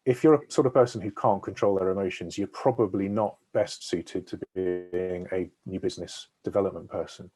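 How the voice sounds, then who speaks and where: A man's voice: deep voice, normal speed, hardly any pauses, dark tone, breathy edge. A man speaking as a sales consultant on a webinar over a video call, explaining at length and checking in with his listeners as he goes. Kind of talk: webinar talk.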